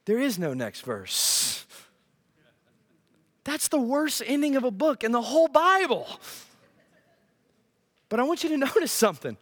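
A male pastor preaching a sermon in an animated, joking way, often asking the congregation questions. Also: very high-pitched, measured pace, pauses often.

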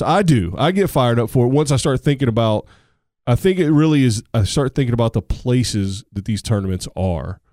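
A man coaching a tennis team, talking casually as a podcast co-host, rambling with restarts and getting animated when excited. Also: mid-range voice, normal speed, no room sound, clean studio sound. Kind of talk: casual chat.

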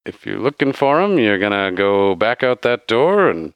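A man's voice: fairly low pitch, very animated, moderate pace, smooth, no room sound, dull audio. Man putting on a chatty orc barkeep with a put-on Australian lilt. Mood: conspiratorial. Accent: attempted semi-Australian. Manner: chatty, rambling, laughs between lines. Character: friendly male orc bartender, chatty, conspiratorial.

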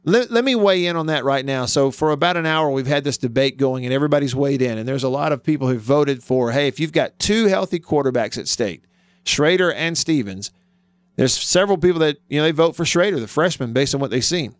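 A male sports radio host making his case with emphatic, argumentative commentary. His voice is smooth and resonant, sitting in a middle pitch. The sound is dry and close, with no room around it. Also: animated, a little fast, no room sound. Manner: emphatic, argumentative, thinks aloud with restarts. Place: radio studio.

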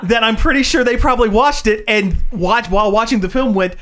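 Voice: mid-range voice, fairly quick, fairly bright tone. A podcast co-host in casual chat, telling a story with enthusiasm and frequent laughter.

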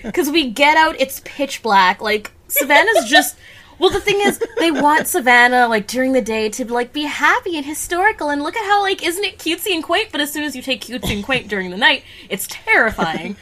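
A woman on a podcast telling a story with dramatic, expressive flair. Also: high voice, fairly quick. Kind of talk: casual chat.

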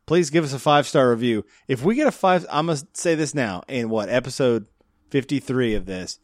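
Brief: male podcast host, jokey and quick to laugh, dry close-mic sound. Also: medium pitch, animated, no room sound. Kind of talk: casual podcast chat.

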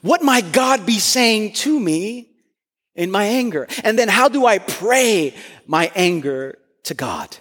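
High-voiced man preaching in echoing hall. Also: expressive, slow pace. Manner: earnest and emphatic, rising to near-shouts on key points. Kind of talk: sermon. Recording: long hall reverb.

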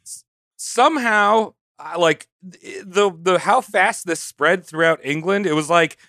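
A man's voice: high voice, a little slow, vocal fry, pushed and bright, dry recording, studio quality. A man on a comedy podcast, retelling history in a loose, joking way full of "like" and "you know.". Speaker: podcast co-host telling history. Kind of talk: casual comedic history storytelling.

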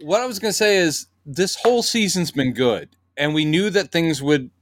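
A man's voice: on the high side, lively intonation, moderate pace, no room sound. A man co-hosting a podcast, chatting casually and animatedly, acting out quotes and swearing now and then. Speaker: podcast co-host. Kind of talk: casual chat.

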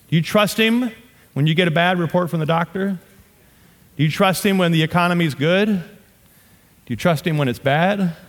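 A man's voice: a little high, fairly bright tone, big-room sound. A man in his fifties with a Southern US accent, from North Louisiana, preaching a sermon with impassioned emphasis and humorous asides. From North Louisiana, USA. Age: 50s. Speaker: pastor.

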